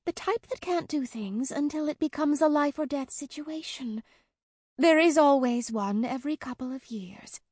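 A woman's voice: sits high, normal speed, a little mellow, no room sound, clean studio sound, voice pushed up, close to an everyday voice. A woman voicing an ancient female vampire with the look of a ten-year-old, impatient and exasperated. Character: ancient female vampire in a child's body, stern.

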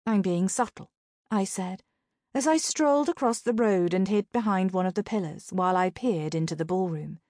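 A woman narrating a first-person novel in a deadpan way, including the narrator's own lines. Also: mid-range voice, normal speed, dry recording, studio quality. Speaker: audiobook narrator.

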